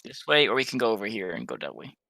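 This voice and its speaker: A man playing a tabletop game who thinks aloud about his next move in an offhand way. His tone is very bright and sits at a middle pitch. The sound is close and dry. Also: very animated, quick pace, gravelly, no room sound. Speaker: player. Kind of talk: casual tabletop game chat.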